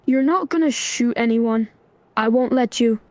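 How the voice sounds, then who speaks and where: A synthetic woman's voice speaking as a stern young man, scolding in a flat, even manner. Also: on the high side, a little slow, no room sound, lightly acted. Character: stern young man trying to stop a fight. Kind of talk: AI role-play chatbot voice.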